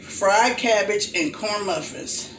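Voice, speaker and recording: An older woman hosts a home cooking show, chatting warmly through each step as she cooks in her kitchen. Her voice is medium-pitched, slow and slightly bright, over faint background noise and the clank of pots, dishes and cutlery.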